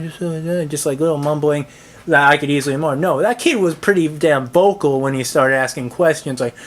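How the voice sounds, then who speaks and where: A man tells a camera how a movie night went wrong, swearing often and sounding thoroughly exasperated. His delivery rambles, stumbling through restarts and filler words as he complains. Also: on the high side. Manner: halting, full of restarts and "like". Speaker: movie reviewer. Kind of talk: ranting movie-theater story.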